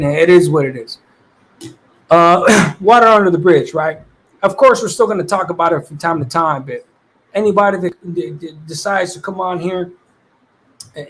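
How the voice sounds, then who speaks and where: A man hosting a livestream, reading viewers' comments in casual chat, with streetwise slang and easy laughter. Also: fairly high pitch. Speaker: livestream host.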